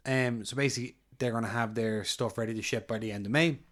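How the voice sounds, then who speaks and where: A man's voice: mid-range voice, steady tone, fast talker. A man co-hosting a laid-back podcast in a mid-range voice. He rambles a bit, filling gaps with ums and restarting sentences as he goes. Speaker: podcast co-host. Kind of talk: casual podcast chat.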